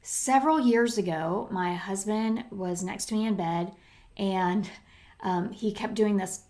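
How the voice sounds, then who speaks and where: A woman's voice: medium pitch, a little slow, darkish tone. A middle-aged woman hosting a solo podcast, talking in a chatty way with lots of fillers and restarts. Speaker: podcast host.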